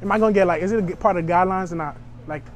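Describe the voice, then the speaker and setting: A man's voice: high voice, racing, soft background music. A young man chatting brashly to strangers in a store, joking and provoking as a prank vlogger. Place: inside a store.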